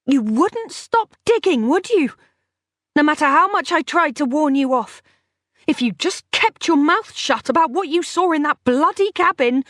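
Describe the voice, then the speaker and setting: A woman's voice: fairly high pitch, expressive, unhurried, dry recording, studio quality, pitched above the performer's own voice. A woman reading an audiobook, voicing a defiant young woman who holds someone captive and speaks with scornful defiance. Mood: furious. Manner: scornful and defiant, hissing when angry.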